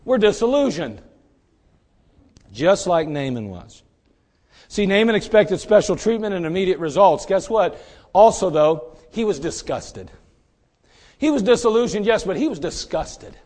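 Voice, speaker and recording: A man delivering a sermon in a dramatic way, swinging between loud bursts and hushed asides. His voice sits high and moves with lively, wide swings of pitch. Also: a little slow, pauses often. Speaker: preacher.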